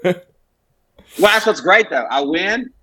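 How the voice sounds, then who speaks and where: Husky comedian, dry close sound. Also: male voice, high voice, slow, no room sound, poor audio. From Alabama, USA. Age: 20s. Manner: animated, profane storytelling with acted-out quotes. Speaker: comedian guest. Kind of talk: casual podcast chat.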